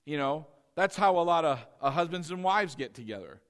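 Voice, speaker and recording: A middle-aged man preaching a sermon as pastor, animated, asking the congregation rhetorical questions and acting out quoted lines. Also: a little high, brisk.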